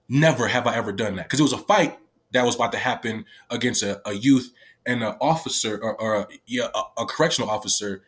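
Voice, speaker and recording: A man giving a candid personal account of his time as a youth detention worker, halting and restarting often and swearing freely. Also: mid-range voice. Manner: profane, halting speech with many restarts.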